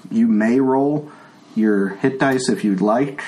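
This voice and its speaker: A man narrating as game master in a relaxed, chatty way. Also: mid-range voice, takes it slowly, low-quality recording.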